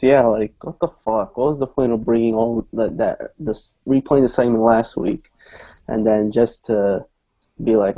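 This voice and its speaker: A man's voice: mid-range voice, a little slow, dark tone. A man chiming in on a casual wrestling podcast, blunt and profane. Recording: dull, lo-fi sound.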